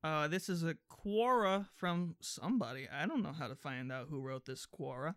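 A woman's voice: sits low, normal speed, no room sound, clean studio sound. A woman joking goofily with wordplay in a casual comedic chat over a video call. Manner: goofy, wordplay, bursts into silly voices.

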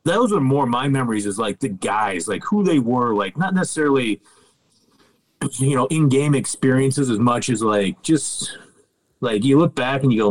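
A middle-aged man appearing as a podcast guest tells stories in a relaxed way, swearing freely and laughing along. His medium-pitched voice has lively intonation at a normal speed, though the recording quality is poor.

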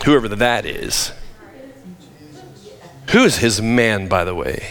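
A man's voice: fairly low pitch, lively intonation, slow, fairly bright tone. A man preaching a sermon as pastor, emphatic with joking asides, in a church sanctuary. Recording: long reverb of a large hall.

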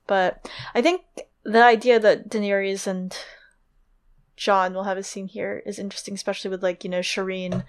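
Mid-pitched woman, chatty podcast co-host, filler-heavy recap. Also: level tone, moderate pace. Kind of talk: casual chat, retelling a chapter.

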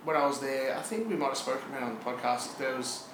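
A man's voice: mid-range voice, fast, reverberant, noisy background. A man co-hosting a podcast, teasing his friend in a dry way and laughing often. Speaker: podcast co-host. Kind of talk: casual chat.

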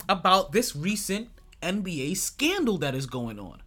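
A man hosting a sports podcast in casual chat, animated, swearing freely and laughing often. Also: high-pitched, normal speed, background noise. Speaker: podcast host.

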